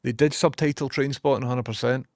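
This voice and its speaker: A young streamer with a broad West of Scotland accent chats casually with his viewers, ranting animatedly and swearing throughout. His middle-pitched voice is a little mellow, fast, with fairly even intonation, and it's recorded close and dry with no room sound at all.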